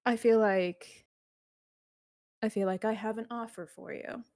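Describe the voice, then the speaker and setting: A woman voicing a poised, scheming businesswoman who speaks in a smooth, measured, courteous way. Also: a little high, steady tone, a little mellow, no room sound, studio quality. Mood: silky, businesslike.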